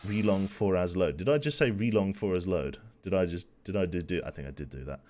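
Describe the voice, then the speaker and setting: A man's voice: low-pitched, big pitch swings, quick pace, a little mellow. A man in his twenties from England with a faint Birmingham accent, giving chatty, self-mocking commentary as he plays a game on a live stream. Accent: light Birmingham. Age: 20s.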